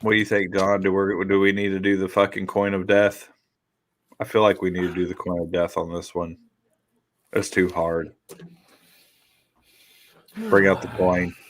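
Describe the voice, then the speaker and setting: A man's voice: low-pitched, monotone, moderate pace, long pauses. A man hosting a casual podcast chat, reading out list entries and swearing freely. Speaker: podcast host.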